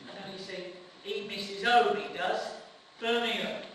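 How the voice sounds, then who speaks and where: Brief: man as a wisecracking South London private, raised pitch, echoey hall from far off. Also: steady tone, unhurried. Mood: teasing. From Bromley, London. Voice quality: cheeky, teasing. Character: cheeky joking London army private. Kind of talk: amateur stage play. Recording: echoey hall, from far off, audience room noise.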